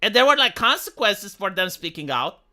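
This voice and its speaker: A man's voice: sits high, very animated, moderate pace, sharp tone. A man from Romania ranting on a live stream, heated and profane, often stumbling and restarting his sentences.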